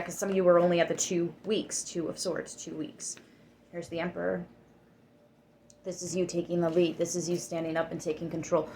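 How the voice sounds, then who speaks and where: A woman's voice: lowish voice, a little hiss or hum. A woman giving a tarot reading to her viewers. She talks emphatically, swears freely and gets worked up. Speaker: tarot reader.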